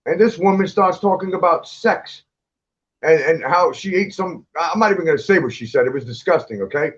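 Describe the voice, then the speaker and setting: High-voiced blunt, profane man. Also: expressive, brisk, dull audio. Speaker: guest, clothing designer. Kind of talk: casual chat.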